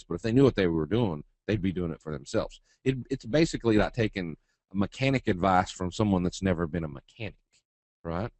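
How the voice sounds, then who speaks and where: A man with a lowish voice teaches a trading webinar in a loose, chatty lecture style. He is blunt and folksy and keeps putting questions to his listeners. The sound is dry and close to the mic. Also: lively intonation, brisk, darkish tone, no room sound.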